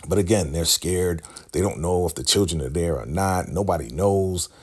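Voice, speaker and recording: Deep, husky man recapping casually. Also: normal speed. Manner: animated, acts out quoted lines in character. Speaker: recap channel host.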